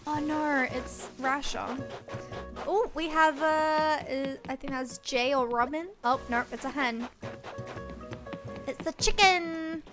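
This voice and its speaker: Young woman streamer, very high, slow-paced, gasps and squeals easily; game music underneath. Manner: excitable, gasping and squealing at each new reveal. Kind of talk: casual game livestream chat. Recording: game music playing behind.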